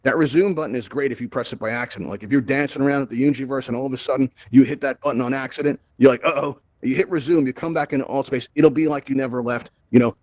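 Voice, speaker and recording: A man's voice: mid-range voice, darkish tone, no echo, poor audio. A man hosting a live virtual-reality tutorial, chatty and upbeat, who keeps asking "right?" into a headset mic. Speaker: VR event host.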